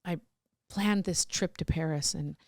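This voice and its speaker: A woman's voice: on the low side, measured pace, creaky, darkish tone, no echo, clean studio sound. A middle-aged woman telling candid personal stories as a podcast guest, rambling with restarts and laughs.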